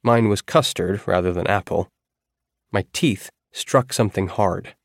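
A man narrating a first-person audiobook in a steady, measured way. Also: low-pitched, vocal fry, no room sound, clean studio sound.

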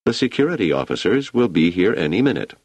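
A man's voice: low voice, big pitch swings, fast, a little mellow, slightly rough, no room sound, pitched above the performer's own voice, full character voice. A man voicing a firm, authoritative middle-aged male professor in a storybook reading, formal and precise. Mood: commanding.

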